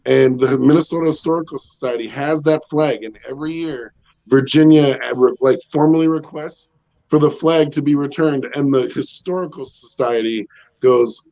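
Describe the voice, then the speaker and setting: A man in his thirties with a loud, bassy voice, doing a rambling stand-up set from home with lots of ums and chuckles. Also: moderate pace, muffled recording. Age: 30s. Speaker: stand-up comedian. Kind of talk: casual stand-up set over video call. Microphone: home video call.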